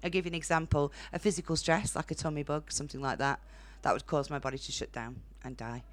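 A woman's voice: low-pitched, steady tone, fast, no room sound. A young woman with a Northern English accent doing a blunt, chatty stand-up set on a comedy club stage, laughing at her own jokes. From Northern England.

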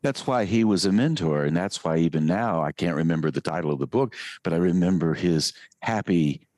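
A man in a conversation, telling stories in a slow, musing way with many restarts. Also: sits low, lively intonation, a little mellow, no echo, clean studio sound. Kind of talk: casual storytelling conversation.

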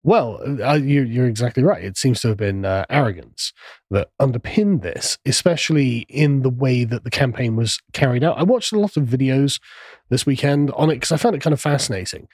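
A man's voice: mid-range voice, expressive, fairly quick, darkish tone, husky, no room sound. A man hosting a podcast, talking through politics in a casual, sardonic way. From England. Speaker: podcast host.

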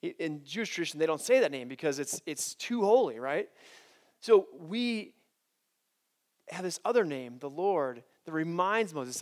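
A man's voice: a little high, lively intonation, moderate pace, darkish tone. A man preaching to college students, speaking animatedly, restarting his sentences and often asking "right?". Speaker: campus preacher.

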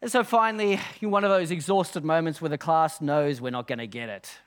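A man's voice: on the high side, fairly quick, fairly bright tone, clean tone. A male pastor, preaching an earnest, emphatic sermon and reading quotations aloud.

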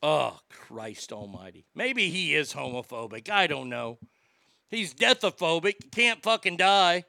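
A man's voice: a little high, sing-song, measured pace, gravelly, bright, forceful tone, no echo, studio quality. A man ranting casually and profanely about movies while reading out listener comments. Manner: swearing, exasperated ranting.

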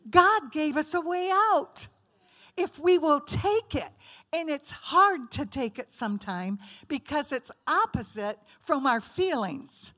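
A woman's voice: high voice, animated, slow pace, a bit bright. A woman giving a conversational teaching sermon to a women's group, asking the audience questions and acting out quoted voices. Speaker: women's ministry speaker.

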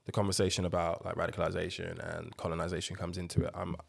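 A man co-hosting a podcast, talking politics in a measured way and steering the topic. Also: deep voice, monotone, vocal fry, slightly rough. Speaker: podcast co-host. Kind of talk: casual political chat.

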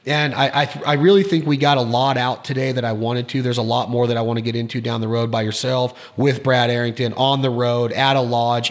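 A man hosting a casual interview podcast, talking with enthusiasm in long, rambling sentences and often repeating his words. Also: mid-range voice. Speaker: podcast host.

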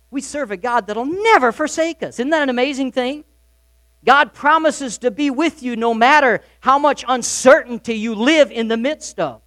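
A pastor delivering a sermon in a fairly high male voice. He pushes hard on key lines, then drops to a soft, confiding tone. The sound is dry and close, with no room ring. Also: no room sound. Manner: emphatic preaching, swinging between loud and soft.

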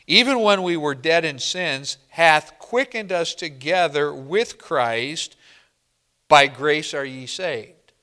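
A man preaching a sermon to a congregation, slow and emphatic, often asking the room questions and answering them. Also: a little high, lively intonation, sharp tone. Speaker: pastor.

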